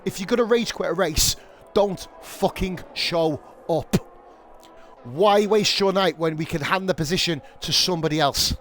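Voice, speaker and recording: A young man streaming live sim-racing commentary, excitable and rambling, swearing freely and going off on rants. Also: high voice, normal speed, slight background noise. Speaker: league streamer and race commentator.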